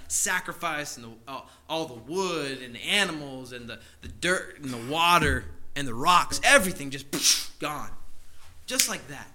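A male preacher with a strikingly bright, sharp voice tells a scripture story as a sermon. He talks in a loose, conversational way and keeps turning to his listeners with questions. His voice sits a little high for a man. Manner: conversational storytelling, many asides to the audience.

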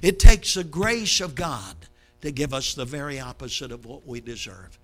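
Bright, dramatic older male preacher. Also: big pitch swings, moderate pace, soft background music. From Brooklyn, New York. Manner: dramatic, swinging from loud bursts to low hushed endings. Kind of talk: sermon. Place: church sanctuary, behind a pulpit.

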